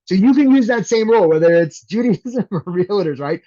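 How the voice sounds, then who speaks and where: Brief: energetic male career coach running a webinar, slightly raised voice, lo-fi sound. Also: high voice, normal speed. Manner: energetic, conversational, keeps asking "right?". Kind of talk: live webinar teaching.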